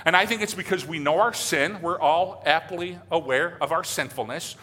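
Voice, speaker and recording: A male pastor preaches in a loose, conversational way, trailing off into fillers as he goes. His voice sits a little high and rings bright. A long church-hall echo hangs behind every phrase. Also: moderate pace, breathy edge. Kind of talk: sermon.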